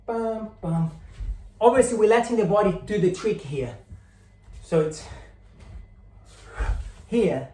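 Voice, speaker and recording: Slow, echoey capoeira teacher calling moves. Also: male voice, high voice, animated, dark tone. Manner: counts and calls out moves while demonstrating; drifts on and off mic while moving. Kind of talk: instructional demonstration. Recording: echoey room, faint noise.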